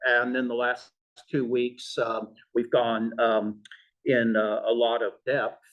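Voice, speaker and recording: A man teaches a church class in an unhurried, halting way, full of fillers and restarts. His voice comes from some distance away from the mic. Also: mid-range voice, flat delivery, lo-fi sound. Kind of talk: classroom lecture. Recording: voice from far off in a room.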